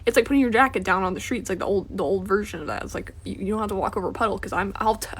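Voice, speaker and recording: A woman joking around in casual chat, animated and rapid. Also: medium pitch, breathy edge.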